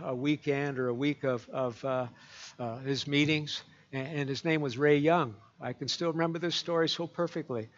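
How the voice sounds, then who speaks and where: A male pastor preaches in a folksy, rambling way, full of fillers and restarts. His voice sits fairly high for a man. The recording sounds dull and lo-fi. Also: fairly bright tone. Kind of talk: sermon.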